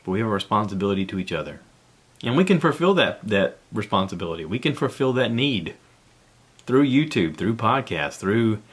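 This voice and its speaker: A man's voice: fairly low pitch, sing-song, brisk, a bit bright, breathy edge. A man, hosting a casual solo podcast from home in a rambling, easygoing way with frequent chuckles. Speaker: podcast host.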